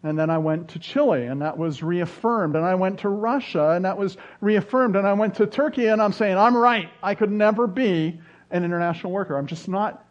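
A middle-aged man preaches a sermon, a little higher-pitched than most men. He tells stories with punchy rising bursts of emphasis. The recording sounds dull and lo-fi. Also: a little mellow. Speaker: pastor.

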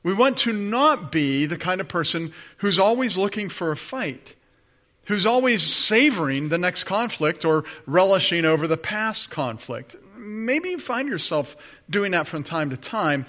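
Middle-aged male pastor, earnest and conversational from the pulpit, fairly high, bright voice. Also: very animated, measured pace. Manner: earnest, conversational preaching with frequent fillers. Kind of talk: sermon.

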